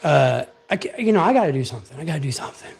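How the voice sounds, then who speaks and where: Animated man telling a story, fairly high voice. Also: racing, vocal fry, soft background music. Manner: animated, emphatic, swears casually. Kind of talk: casual storytelling.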